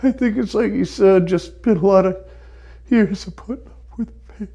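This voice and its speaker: A man receiving chiropractic treatment reacts on the spot, emotional and relieved, exclaiming and sighing in awe. His voice is high-pitched yet gravelly and dark, delivered at a normal speed.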